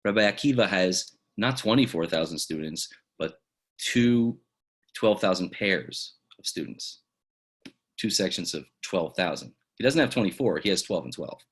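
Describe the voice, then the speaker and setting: A man, a rabbi, teaching a lesson through dramatic storytelling that swings from loud exclamations to hushed asides. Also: sits low, animated, normal speed, breathy edge.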